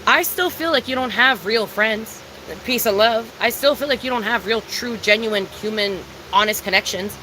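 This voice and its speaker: On a low-quality recording with slight background noise, a young female livestreamer speaks at a moderate pace in a high-ish voice with a sharp tone. Her talk with viewers is confessional and emphatic, packed with swearing and repetition.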